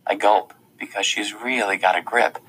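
A man's voice: fairly low pitch, fairly even intonation, moderate pace, a bit bright, a little hiss or hum, low-quality recording. A man reading a first-person audiobook in an earnest, tense storytelling manner. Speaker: audiobook narrator.

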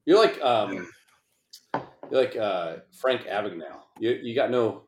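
A man's voice: fairly low pitch, expressive, a little slow, a little hiss or hum. A man co-hosting a casual talk show, rambling and swearing often in loose banter. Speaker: podcast co-host. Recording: roomy echo.

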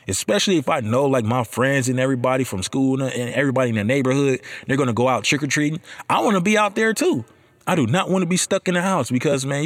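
Man in his thirties, animated, slangy, swears a lot, casual monologue, mid-pitched voice.

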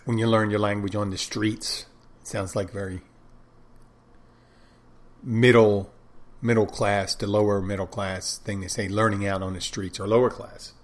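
A man's voice: lowish voice, flat delivery, normal speed, long pauses. A man talking in a loose, casual monologue, often breaking off and restarting his sentences as he thinks aloud. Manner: rambling, self-interrupting, conversational.

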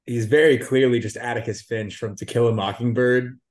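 A man's voice: medium pitch, steady tone, brisk. A man on a podcast as a guest, chatting casually and eagerly, often repeating words as he goes. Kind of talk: casual chat.

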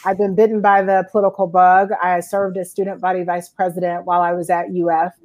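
A woman's voice: fairly low pitch, fast talker. Woman telling stories as an interview guest. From Georgia, US. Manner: lively anecdotal telling with frequent uh fillers. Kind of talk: conversational storytelling.

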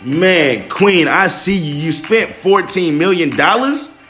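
A man's voice: on the high side, expressive, slow pace, fairly bright tone, soft background music. A young man hosting a casual podcast monologue, loose and emotional, full of slang and "man" and "bro". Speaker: podcast host.

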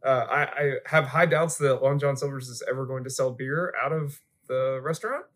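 A man co-hosting a casual podcast, relaxed and joking, with some filler words. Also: medium pitch, normal speed. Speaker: podcast co-host.

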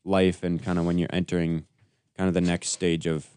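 A man's voice: low-pitched, level tone, a little fast, a little mellow, clean tone. A young man on a casual podcast, chatting in an easygoing, agreeable way. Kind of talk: casual chat.

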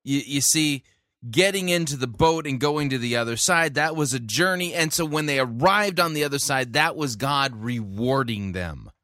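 A man's voice: medium pitch, lively intonation, normal speed, bright, forceful tone, no room sound. Sarcastic man in a dry studio. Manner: sarcastic, exasperated. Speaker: commentator. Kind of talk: critical commentary.

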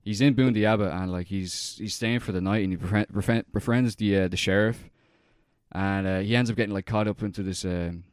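A man's voice: lowish voice, fairly even intonation, brisk, clear, resonant tone, no echo, clean studio sound. A young man chatting casually, rambling and swearing with lots of fillers as he recounts a film. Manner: rambling, profane, heavy on fillers. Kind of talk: casual chat.

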